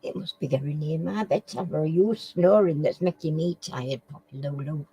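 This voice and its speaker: A woman's voice: sits low, moderate pace, mellow, breathy edge, highs cut off. A woman hosts a casual live quiz. She reads questions aloud, stumbles over words, and chats with viewers by name. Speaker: live stream quiz host.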